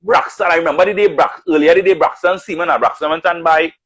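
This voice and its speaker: A man's voice: a little high, quick pace, low-quality recording. A man telling stories of his music career in casual chat, acting out what others said. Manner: animated storyteller, acts out quotes. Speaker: radio announcer and artist.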